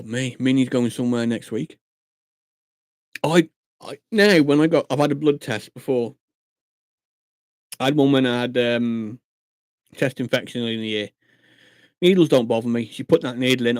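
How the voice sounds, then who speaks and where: A man's voice: mid-range voice, no room sound, clean studio sound. A man chatting casually on a live stream from his room at night, telling stories with acted-out quotes. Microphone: desk mic at a computer monitor.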